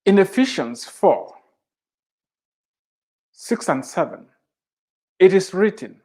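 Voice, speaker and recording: A middle-aged Christian author and speaker delivers a devotional sermon in a high voice with big pitch swings and a slightly mellow quality. He preaches slowly and emphatically, drawing out phrases and repeating scripture lines for emphasis.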